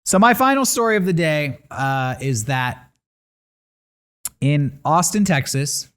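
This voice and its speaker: A man's voice: fairly high pitch, slow, smooth. A man co-hosting a casual podcast, telling odd news stories with sarcastic asides. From San Diego area. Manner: animated storytelling with sarcastic asides. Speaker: podcast co-host.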